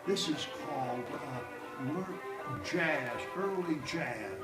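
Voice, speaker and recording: A man's voice: a little high, animated, extremely slow, over loud music. A man giving a museum tour, explaining exhibits in a rambling way with many hesitations and restarts. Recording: echoey room, faint background noise.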